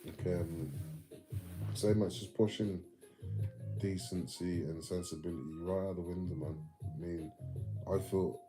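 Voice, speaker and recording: Loud music plays behind this Englishman as he rambles through a sweary livestream rant, capping sentences with "mate" and "man." He speaks in a low voice at a measured pace with fairly even intonation and long pauses, on a rough recording.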